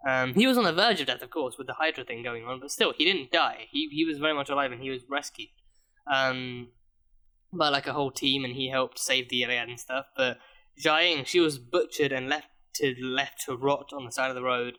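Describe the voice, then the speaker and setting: A TV reaction reviewer discusses an episode in a casual, rambling way, his medium-pitched voice fairly quick, pushed, and bright. Thinking aloud, he stumbles often, restarting and stammering repeated words.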